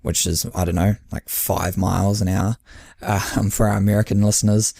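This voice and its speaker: Chatty low-voiced New man. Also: flat delivery, normal speed, vocal fry, warm tone, no room sound, clean studio sound. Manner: chatty, laughing often, acts out his own dialogue. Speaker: podcast co-host and endurance coach. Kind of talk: casual chat.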